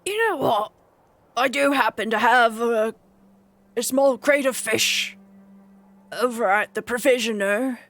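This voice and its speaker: A woman's voice: a little high, fairly even intonation, fairly bright tone, no room sound. A woman voicing a nervous male boat owner who stammers as he backs down. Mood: flustered. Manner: stammering, hurried backpedalling.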